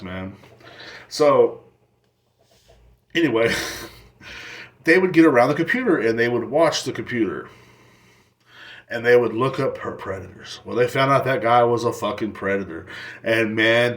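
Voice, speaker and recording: A young man with a mid-range, fairly bright voice hosts his own podcast. Rambling solo, he tells crude stories and laughs at his own jokes.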